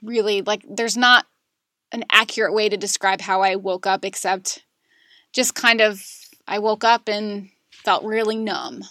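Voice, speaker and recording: A woman in her thirties, a podcast guest, telling a painful personal story candidly, with many fillers and pauses. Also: medium pitch, fairly even intonation, pushed and bright, dry recording, studio quality. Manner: candid, emotional, frequent fillers. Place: Charlotte area.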